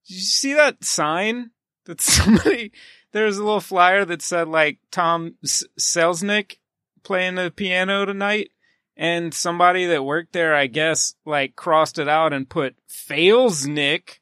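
This is a man co-hosting a film podcast in loose, casual banter. His voice sits high and bright, and his jokes come out sarcastic and mock-arrogant. The sound is dry and close. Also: a little slow, smooth, no room sound. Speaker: podcast co-host.

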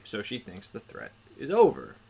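A man's voice: on the low side, moderate pace, vocal fry, breathy edge. A man co-hosting a podcast, retelling a film's plot in casual chat, often laughing. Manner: laughing, animated retelling with acted quotes. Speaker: podcast co-host. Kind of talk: casual movie recap chat.

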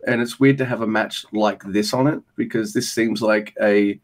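A man co-hosting a podcast, recapping a wrestling match in a rambling, profane, animated way. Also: lowish voice, moderate pace. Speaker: podcast co-host. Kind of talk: casual wrestling recap chat.

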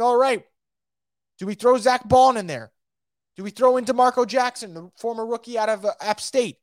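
A man's voice: sits high, no room sound, clean studio sound. A man hosting an opinionated sports show, talking emphatically and repeating his points for stress. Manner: animated, talks straight to listeners.

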